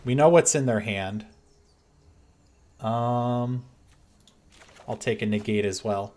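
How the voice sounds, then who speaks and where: A man of middle pitch commentates his own card game at an unhurried pace. He mutters through his plays and turns loud and exasperated when a move goes wrong. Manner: reactive, swings between muttering and frustrated outbursts. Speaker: gameplay commentator. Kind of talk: thinking aloud over a card game.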